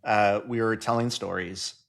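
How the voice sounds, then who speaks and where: A man co-hosts a relaxed podcast and thinks out loud as he talks. His voice sits on the low side. He slips in fillers and restarts as he works through a point. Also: normal speed, creaky. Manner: thoughtful, reflective, frequent fillers. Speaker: podcast co-host. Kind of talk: casual conversation.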